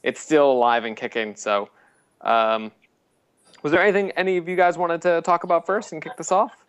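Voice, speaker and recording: A man's voice: a little high, normal speed, fairly bright tone, smooth. A man hosting a casual podcast, rambling with many fillers and frequent laughs. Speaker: podcast host.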